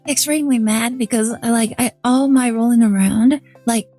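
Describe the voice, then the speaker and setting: A woman with a fairly high voice chats on her stream, telling a long anecdote in a loose, rambling way. She talks straight into a desk mic with faint music playing underneath. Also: normal speed, warm tone. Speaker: VTuber streamer. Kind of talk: casual stream chat.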